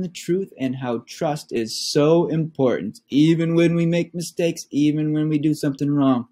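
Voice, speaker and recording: A man reading a children's storybook aloud with slow, expressive storytelling. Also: a little high. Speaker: children's book reader.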